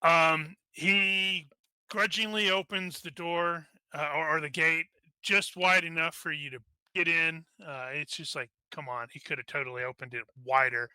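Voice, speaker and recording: A man's voice: fairly high pitch, fairly even intonation, normal speed, bright, forceful tone, smooth, dry recording. A man running a tabletop game as game master, narrating loosely with many fillers and restarts.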